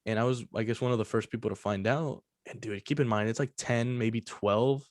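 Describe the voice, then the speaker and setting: A man's voice: mid-range voice, steady tone, brisk, darkish tone, no room sound, clean studio sound. A young man hosting a podcast, telling a personal story in casual, profane chat full of fillers. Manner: loose and profane, many fillers. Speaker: podcast host.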